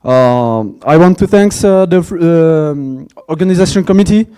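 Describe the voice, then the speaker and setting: A man with a French accent, a native French speaker, giving a hesitant opening speech at a conference and thanking sponsors, with many pauses and fillers. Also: fairly high pitch, lively intonation, warm tone, smooth. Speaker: conference organizer. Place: conference hall.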